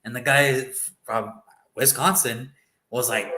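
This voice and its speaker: A man's voice: mid-range voice, animated, normal speed, roomy sound, music in the background, poor audio. A man co-hosting a sports show, chatting loosely about football picks and rambling as he swears freely. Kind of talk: casual sports prediction chat.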